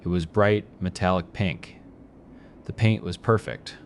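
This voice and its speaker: A man giving a measured, deliberate, scripted horror narration. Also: low voice, fairly even intonation, a little hiss or hum.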